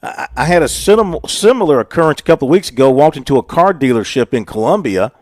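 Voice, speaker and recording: A man hosting a radio sports show from the studio, relaxed and easygoing as he leads the segments. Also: a little high, fast talker, dry recording. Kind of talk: casual radio sports talk.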